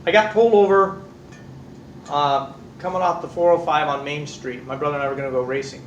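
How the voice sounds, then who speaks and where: A middle-aged man from California telling stories to a class, fairly high for a man, acting out everyone in them and cursing freely. He is picked up from across an echoey room, with faint ambient noise. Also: fairly quick. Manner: animated storyteller, acts out voices, swears casually. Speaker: instructor. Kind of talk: anecdotes in a class. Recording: echoey room, distant mic.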